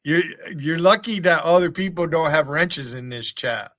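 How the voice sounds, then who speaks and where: A man's voice: fairly high pitch, expressive, moderate pace, a bit bright, dry recording, clean studio sound. An American man hosting a livestream, taunting and swearing at people in his chat in a mocking rant. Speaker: livestream host. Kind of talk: profane rant at chat viewers.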